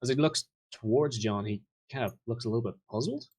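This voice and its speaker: A man's voice: medium pitch, a little fast, a little mellow, husky, poor audio. A man narrating a tabletop role-playing game as game master, in a casual, rambling way. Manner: casual, rambling, many fillers.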